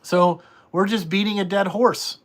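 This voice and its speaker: Blunt, profane, high-voiced man. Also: fairly even intonation, a little slow. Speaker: trucking company owner. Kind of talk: casual podcast talk.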